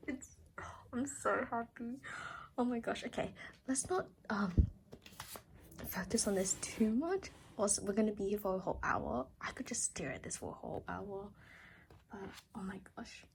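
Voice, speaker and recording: A young woman vlogging an unboxing haul, gushing and excitable, swinging from loud outbursts to whispers. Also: medium pitch, moderate pace, gravelly, a little hiss or hum, low-quality recording.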